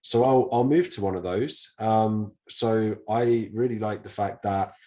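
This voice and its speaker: British guy, deep voice, slight lisp, chatty bible podcast. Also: a little slow, dark tone. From Britain. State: slight lisp from a mouth ulcer. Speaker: podcast co-host. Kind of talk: casual Bible chat.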